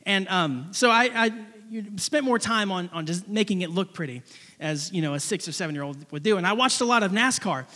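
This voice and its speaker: A young man preaching a sermon, telling a personal story in an animated, rambling way with many restarts. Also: high-pitched, a little fast, in a large hall.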